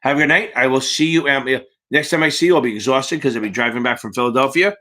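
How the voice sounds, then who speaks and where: A man's voice: medium pitch, quick pace, bright, forceful tone. A man running a casual live-stream Q&A for exam prep, chatty and profane, answering viewers from the chat by name.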